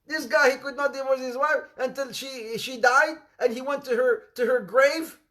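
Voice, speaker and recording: An Islamic preacher with a high voice gives an informal sermon full of humorous anecdotes, speaking at normal speed. He tells stories animatedly, mixing English with Arabic phrases, laughing at his own tales and acting out the voices he quotes.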